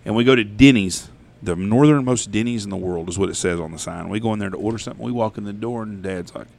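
A man's voice: on the low side, quick pace, vocal fry, hardly any pauses. A man, telling stories in a casual, profane chat. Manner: animated, profane storytelling.

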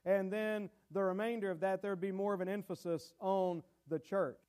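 A man's voice: high voice, steady tone, normal speed, a little mellow. A man preaching a teaching sermon in a conversational way, with many fillers and restarts and emphatic key points. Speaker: pastor.

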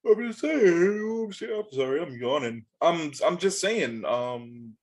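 A man's voice: fairly high pitch, animated, normal speed, husky. A young man co-hosting a podcast, teasing and provocative in casual chat. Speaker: podcast co-host.

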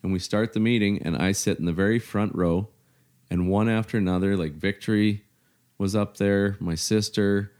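A middle-aged man from Canada, telling his story in casual, halting conversation, full of "you know" fillers. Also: on the low side, fairly even intonation, darkish tone.

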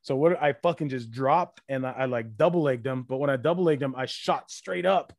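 A man recounts a rowdy story in a casual podcast chat, his speech full of fillers and curse words. His voice sits at an average pitch. The sound is close and dry, with no room around it. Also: a little fast, a little mellow, no room sound. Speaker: podcast guest, former retail loss-prevention worker.

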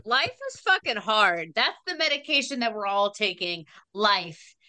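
A woman's voice: mid-range voice, sing-song, measured pace, a loud crowd. A woman co-hosting a podcast, joking bluntly and swearing freely. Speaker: podcast co-host. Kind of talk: casual podcast banter.

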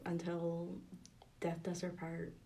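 A young woman co-hosting a podcast in casual chat, talking softly and half-whispering in a library, with frequent giggles. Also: on the low side, monotone, slow pace. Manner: hushed, near-whispering, giggly. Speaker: podcast co-host.

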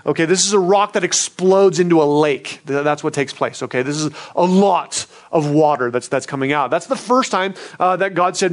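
A man's voice: high-pitched, fairly quick, hardly any pauses. A pastor, a man, preaching an earnest sermon in a conversational way and often checking in with his listeners.

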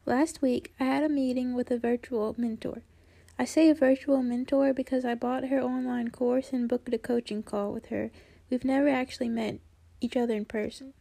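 A woman hosting a reflective solo podcast, a little nasal from allergies, speaking in a gentle, earnest way. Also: sits high, steady tone, moderate pace, vocal fry. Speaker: podcast host.

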